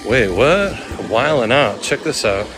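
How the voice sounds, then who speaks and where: Over music, a man with a mid-range voice talks animatedly at a measured pace on a nighttime livestream, moving through city streets and onto a ferry. He's from California and chats into his phone in a laid-back, slangy manner.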